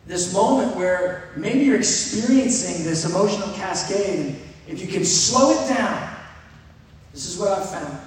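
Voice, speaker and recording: A middle-aged pastor preaching in a relaxed, conversational way, as if chatting with his congregation. His voice sits a little high for a man. It comes from far off the mic in a big, echoing church hall with faint noise behind. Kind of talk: sermon.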